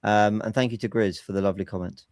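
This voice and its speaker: A man with a lowish, slightly mellow voice and fairly even intonation talks quickly. He hosts a casual football podcast over a remote call, analyzing and explaining tactics at length. The recording is dry with clean studio sound.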